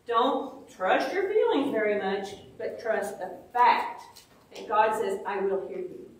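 A woman's voice: on the high side, slight background noise. A woman teaching a children's Bible lesson, asking the kids questions and acting out little prayers in playful voices. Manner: lively, asks questions, acts out little prayers. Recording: echoey room, mic far off.

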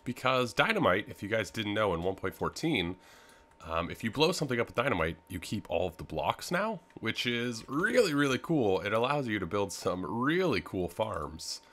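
A man's voice: on the low side, sing-song, moderate pace, fairly bright tone. A young man, rambling easily through casual game commentary with lots of filler words. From Canada. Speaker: gaming video host.

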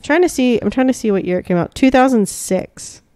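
Playful woman, quick comebacks, dry room. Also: on the high side, animated, mellow, clear, resonant tone, no echo. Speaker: podcast co-host. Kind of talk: casual chat.

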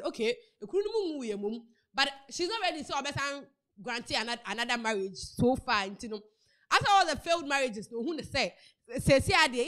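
Brisk bright-voiced Ghanaian woman. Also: high voice. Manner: chatty, animated storytelling with repeated words. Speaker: celebrity news presenter. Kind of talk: casual news commentary mixing Twi and English.

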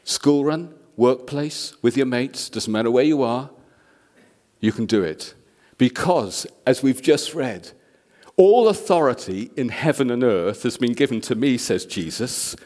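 Male guest preacher, lively storyteller, mid-pitched voice. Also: unhurried. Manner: animated storyteller, voices the people in his stories. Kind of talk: sermon with storytelling.

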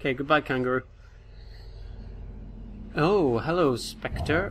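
A man's voice: fairly high pitch, animated, slow, bright, forceful tone, slight background noise. A young man giving chatty, easily startled commentary while playing a game, talking to its figures. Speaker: gamer. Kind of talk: let's play commentary. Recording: faint piano music behind.

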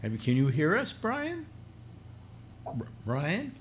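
A man's voice: medium pitch, wildly swooping pitch, normal speed, a little hiss or hum. A man hosting a casual live talk stream, rambling with many restarts and fillers. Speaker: host. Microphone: computer mic through speakers.

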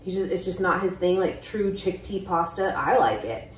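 A woman's voice: lowish voice, animated, normal speed. A chatty woman vlogger who giggles often, talking casually through a taste test. She sounds distant from the mic in an echoey room with faint background noise. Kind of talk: casual chat.

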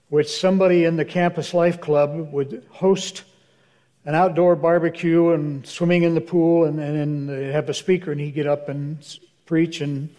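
Older male minister, dry storyteller, somewhat high, mellow tone. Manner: wry anecdotal storyteller, acts out dialogue. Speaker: guest speaker, minister. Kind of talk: storytelling in a church Q&A. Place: church hall.

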